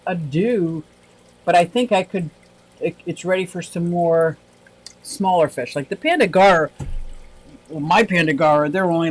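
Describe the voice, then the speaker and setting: A man with a high-pitched voice talks casually on a livestream. He rambles from topic to topic, reads out viewer comments and laughs easily. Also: low-quality recording. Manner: chatty and rambling, laughs often. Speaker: aquarium livestream host.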